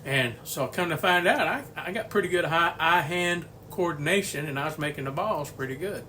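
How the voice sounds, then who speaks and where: A man's voice: fairly high pitch, moderate pace, bright, forceful tone, slight background noise. A man in his sixties hosting a home cooking video from his kitchen, a folksy, rambling storyteller who chuckles often. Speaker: home cooking channel host. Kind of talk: casual cooking video chat.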